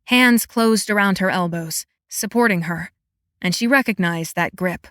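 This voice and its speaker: A woman's voice: medium pitch, measured pace, a bit bright, no echo. Woman narrating a romantasy audiobook, dry sound. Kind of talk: scripted narration.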